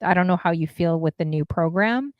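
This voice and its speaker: A woman's voice: lowish voice, brisk, dry recording, highs cut off. A woman hosting a casual interview, talking in a chatty, rambling way with lots of fillers and some exasperation. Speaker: interview host and DJ streamer.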